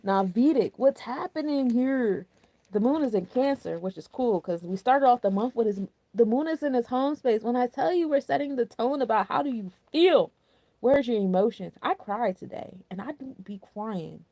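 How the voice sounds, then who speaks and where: Gravelly, mellow-voiced young woman chatting. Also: on the high side, lively intonation, normal speed, no echo. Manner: chatty and candid, with loose slang and frequent "like". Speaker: astrology and numerology host. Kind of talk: casual spiritual forecast talk.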